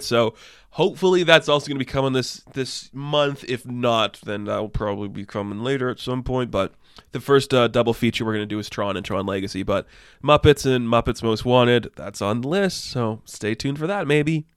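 Excitable man riffing on movie news. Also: medium pitch, normal speed, smooth, no echo, clean studio sound. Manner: excitable, enthusiastic, swears freely. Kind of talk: casual entertainment news commentary.

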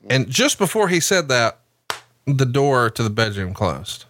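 A man of middling pitch hosts a casual podcast, ribbing his co-host with a crude, teasing tale. His voice rises and falls a lot as he tells it. The sound is dry and close. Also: very animated, measured pace, a bit bright, no room sound. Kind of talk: casual chat.

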